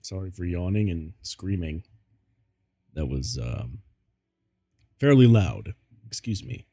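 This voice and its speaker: A man's voice: deep voice, sing-song, takes it slowly, gravelly, mellow, no echo. A man streaming as he reads fan fiction aloud, giggling and breaking up with laughter. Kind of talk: casual comedic reading.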